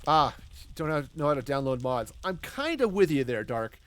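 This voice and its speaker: A man's voice: medium pitch, very animated, moderate pace. A man streaming a building game, rambling and joking as he talks to himself and greets his chat. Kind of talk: casual live gameplay commentary.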